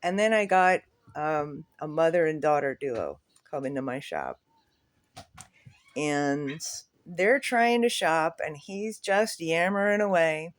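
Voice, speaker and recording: A man's voice: on the high side, sing-song, slow pace, no room sound. A man who sells at a flea market, telling a story in a candid, rambling way with swearing and nervous laughs. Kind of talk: casual storytelling monologue.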